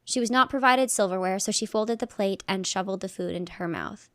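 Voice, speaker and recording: Woman reader of legal documents, dry close mic, steady deliberate pace, mid-range voice. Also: medium pitch, dry recording. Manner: measured, plain delivery, marking each quotation aloud. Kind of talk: reading a legal document aloud.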